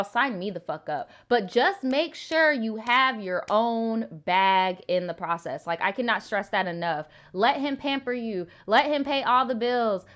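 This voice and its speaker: A woman's voice: fairly high pitch, fairly bright tone. A young woman hosting a live advice stream, talking bluntly and animatedly with plenty of swearing. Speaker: live advice show host.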